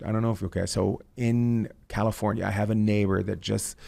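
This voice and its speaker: A man's voice: lowish voice, level tone, a little fast, creaky, a little mellow. A middle-aged man hosting a casual comedic chat, telling rambling stories and swearing freely. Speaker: podcast host.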